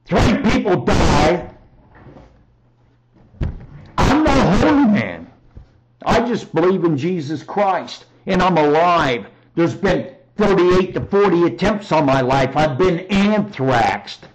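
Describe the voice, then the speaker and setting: Man, fervent testimony, emphatic, rambling, raises voice, somewhat high pitch. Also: lively intonation, slow, rough recording. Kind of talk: preachy personal testimony.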